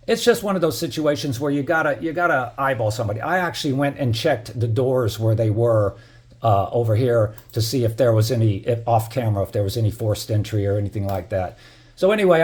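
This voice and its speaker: A man's voice: mid-range voice, a little mellow. Heated, rambling middle-aged man. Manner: heated, profane, lots of "you know" fillers. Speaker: building resident narrating security footage. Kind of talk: casual storytelling vlog.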